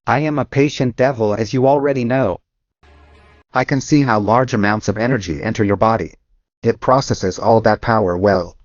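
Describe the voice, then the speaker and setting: Male narrator as a smug old demon god for an audio story; taunting, unhurried, dry and dull lo-fi sound. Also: fairly low pitch, no room sound, lightly acted. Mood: mocking.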